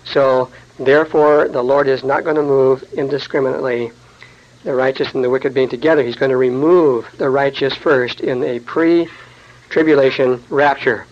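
A man's voice: mid-range voice, steady tone, moderate pace, highs cut off. A man teaching the Bible verse by verse, explaining scripture in a conversational way with folksy asides.

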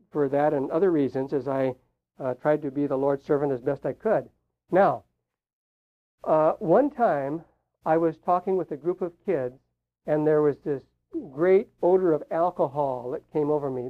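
An older man delivers a sermon with a personal story, folksy and chuckling now and then. His voice sits a little high for a man. The sound is thin and tinny, like a phone line. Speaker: preacher.

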